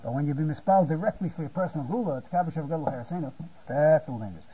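An older man giving a spontaneous Torah lecture, halting and repeating words, often checking with "you see?". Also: on the high side, lively intonation, warm tone, slightly rough. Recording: muffled lo-fi recording.

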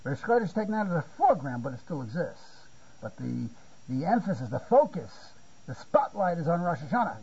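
A man's voice: a little high, sing-song, brisk, darkish tone, slightly rough, muffled recording. A man giving a Torah lecture, often repeating words and checking "you see?". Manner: repeats words while searching for phrasing, asks "you see?". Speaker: Talmud teacher.

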